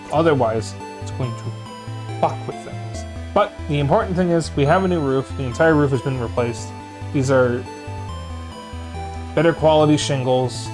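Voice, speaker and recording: Tired, casual streamer man. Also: mid-range voice. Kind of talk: casual let's-play chat. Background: game music.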